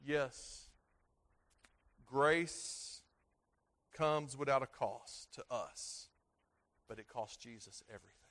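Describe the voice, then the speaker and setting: A man preaching a sermon, repeating himself and restarting phrases, swinging between loud stresses and quiet, low endings. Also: slow, long pauses. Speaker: pastor.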